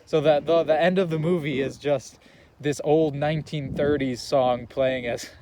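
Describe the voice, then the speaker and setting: A young man chatting casually about a film he loves, rambling, laughing and stacking up fillers. His voice sits a little high for a man, with faint noise behind him. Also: fairly even intonation, moderate pace. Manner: rambling, laughing movie recap full of fillers. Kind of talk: casual chat.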